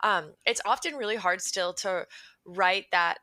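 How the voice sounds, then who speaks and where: Woman podcast host, affirming and reflective, bright tone, dry recording. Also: medium pitch, measured pace, no echo. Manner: thoughtful, affirming, talks in long winding sentences. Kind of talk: interview conversation.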